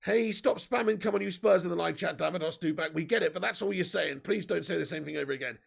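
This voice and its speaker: Guy doing live footy watch-along, high gravelly voice, gets shouty and swears. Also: fast talker. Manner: excitable, swings from grumbling to shouting, swears. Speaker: football watch-along host.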